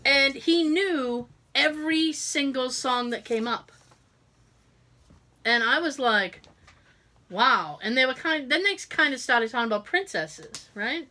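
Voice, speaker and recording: A woman co-hosting a podcast, telling an animated story in casual chat and acting out the quotes. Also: high voice, takes it slowly. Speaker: podcast co-host.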